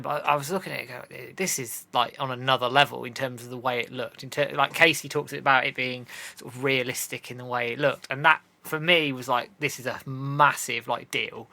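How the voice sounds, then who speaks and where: A man's voice: medium pitch, vocal fry, pushed and bright, no echo. A man, a podcast guest, telling a story in a casual chat and acting out his own past reactions.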